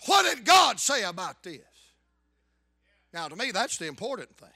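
Preacher man, real high voice, dry close sound, fired-up sermon with big shouts. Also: big pitch swings, normal speed, pauses often, slightly rough, no echo. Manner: fervent preaching with sudden loud outbursts. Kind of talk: revival sermon.

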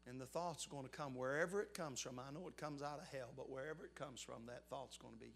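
A man, preaching a sermon and swinging between fervent, raised passages and hushed, earnest ones. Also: mid-range voice, fast, gravelly, few pauses, slight background noise.

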